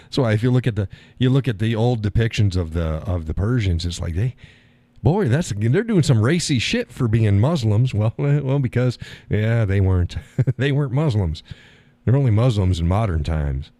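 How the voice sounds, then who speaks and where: A man's voice: on the low side, big pitch swings, moderate pace, dark tone, no room sound. A man hosting a live stream, chatting in a rambling, blunt way and laughing often as he talks. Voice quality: swears casually. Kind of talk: casual monologue chat. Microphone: audio call setup.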